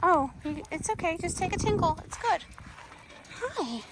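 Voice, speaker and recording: High-voiced woman cooing at farm animals. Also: sing-song, a little slow, background noise. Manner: coos baby talk to animals, calls sheep loudly. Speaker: ranch vlogger. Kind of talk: casual farm vlog talk.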